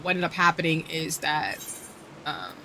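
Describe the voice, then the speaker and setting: A woman's voice: low-pitched, sing-song, normal speed, loud music behind the voice. A woman streamer chatting casually while gaming, telling a rambling story and laughing often, on a desk microphone.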